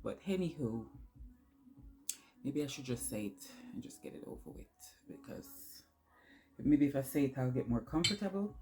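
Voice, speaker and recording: A woman with a low voice speaks straight to her viewers in a personal vlog. She is tearful and halting, pausing often and filling gaps as she works up to hard news. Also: animated, darkish tone. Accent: New York. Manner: halting, emotional, many pauses and fillers. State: tearful, crying. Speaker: vlogger.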